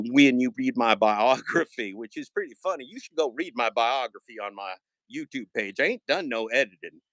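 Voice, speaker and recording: A man's voice: medium pitch, no room sound. A man on a casual livestream, rambling with sarcastic, taunting jokes while holding his phone. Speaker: live streamer. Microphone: phone held in hand.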